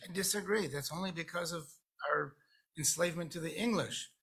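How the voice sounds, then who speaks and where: Male class participant, higher-pitched and husky, reads quotes slowly and with emphasis. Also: fairly bright tone. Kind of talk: study discussion, reading translations aloud. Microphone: video call.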